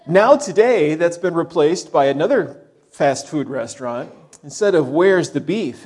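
Conversational preacher, fairly high voice. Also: male voice, lively intonation, measured pace. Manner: conversational preaching, dropping to soft low tones for emphasis. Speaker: pastor. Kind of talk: sermon.

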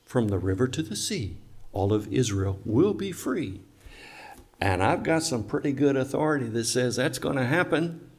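A male preacher delivers a sermon in a church. He speaks with emphasis, tosses rhetorical questions at the congregation and trades remarks with listeners in the pews. His pitch sits in a middle range. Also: animated, normal speed.

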